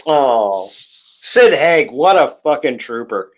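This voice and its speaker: A man's voice: mid-range voice, very animated, takes it slowly. A middle-aged man hosting a casual late-night chat stream, rambling, swearing freely and laughing through his stories. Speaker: host. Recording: lo-fi dull microphone.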